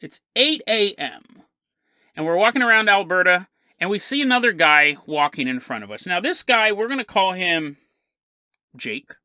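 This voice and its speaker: Male podcast host, animated joking storyteller; bright, forward tone. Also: sits high, normal speed, clear, resonant tone, no echo, studio quality. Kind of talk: casual storytelling narration.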